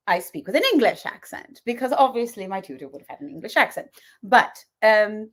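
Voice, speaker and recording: Woman, co-host, casual live chat, animated pitch, laughs a lot. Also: moderate pace. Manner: animated storyteller, laughs often. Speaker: podcast co-host.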